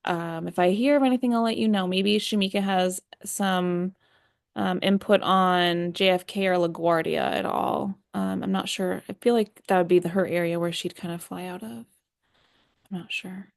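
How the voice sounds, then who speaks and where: A woman's voice: fairly low pitch, fairly even intonation, normal speed, vocal fry, no room sound, clean studio sound. A young woman hosting a live chat, answering viewer questions in a friendly, reassuring way with lots of fillers.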